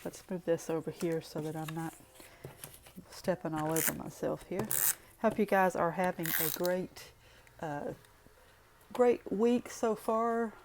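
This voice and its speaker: A woman's voice: lowish voice, measured pace, long pauses, background noise. A woman with a Southern US accent talking through a card-making craft tutorial in a chatty, folksy way, full of rambling asides.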